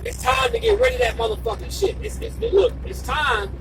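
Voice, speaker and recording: A man delivering an impassioned, profane video monologue, repeating himself for emphasis and sometimes shouting. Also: extremely high pitch, big pitch swings, brisk, gravelly, distant mic, background noise. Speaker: video blogger.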